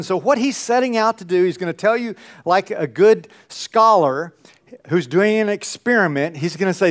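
A man's voice: high voice, lively intonation, moderate pace. A man teaching a Bible lesson to a congregation in a conversational way, asking the room questions and often restarting his sentences. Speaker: pastor teaching a Bible class.

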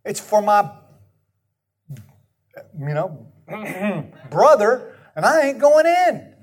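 A man's voice: sits high, big pitch swings, very slow, pitched above the performer's own voice, full character voice. A man voicing a sulky, resentful older brother who refuses to join a party.

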